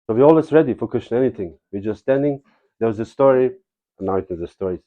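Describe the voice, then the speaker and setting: Speaking quickly in a medium-pitched voice, this spiritual teacher delivers a devotional lecture woven with stories. He drifts casually into digressions and keeps adding "you know," on audio with the highs cut off.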